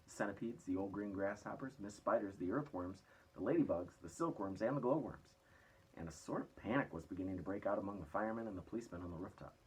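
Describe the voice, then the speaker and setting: Husky man reading a storybook aloud. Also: fairly low pitch, fast, rough recording. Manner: lively character voices, mostly raised and excited. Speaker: reader. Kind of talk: reading a children's book aloud.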